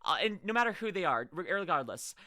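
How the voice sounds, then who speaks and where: Woman streamer, bright tone, dry sound, rambling and stammering as she reacts to clips. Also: on the low side, very animated, fast talker, no room sound. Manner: rambling, stammering restarts and frequent laughs. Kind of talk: casual reaction chat.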